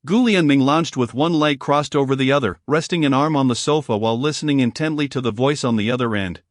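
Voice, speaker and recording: A man reading a novel aloud as narrator, in an even, measured storytelling manner. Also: medium pitch, no echo, studio quality. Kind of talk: audiobook reading of a romance novel.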